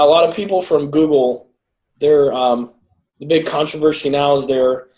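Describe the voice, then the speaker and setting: A man's voice: mid-range voice, a little mellow. A man co-hosting a podcast in casual chat, rambling through stories and laughing often. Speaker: podcast co-host; teacher. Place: lives in San Jose.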